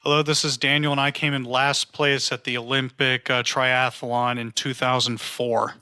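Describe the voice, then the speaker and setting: A man on a podcast panel, cracking deadpan, absurd jokes. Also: mid-range voice, moderate pace, clean tone, dry recording. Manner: jokey, deadpan absurd humor. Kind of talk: casual podcast chat.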